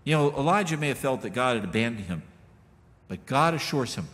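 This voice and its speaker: Speaking from a church sanctuary, this middle-aged male pastor gives a homey, informal sermon peppered with remarks to his listeners. His mid-range voice is very animated, brisk, and fairly bright, echoing with the long reverb of the hall.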